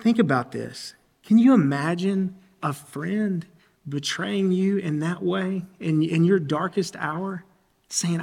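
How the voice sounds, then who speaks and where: A man preaching a sermon as a pastor. He speaks earnestly, often repeats or restarts his words, and clears his throat from time to time. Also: high-pitched, unhurried, darkish tone, big-room sound.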